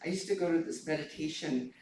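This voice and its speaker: A man with a hoarse, froggy voice gives an informal reflection at a temple service, halting and pausing often. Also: on the high side, a little mellow, a little hiss or hum. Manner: halting, many pauses and fillers. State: hoarse, clearing his throat. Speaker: temple board member sharing a reflection. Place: temple hall. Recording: echoey hall, mic far off.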